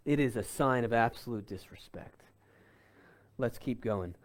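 A man preaching an expository sermon, explaining a passage in a deliberate teaching tone with bursts of emphasis. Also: medium pitch. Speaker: pastor.

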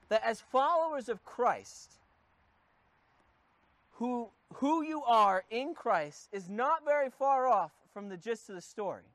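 A man's voice: very high-pitched, lively intonation, slow, fairly bright tone, no echo. A man in his thirties, a pastor giving a conversational, encouraging sermon with frequent fillers.

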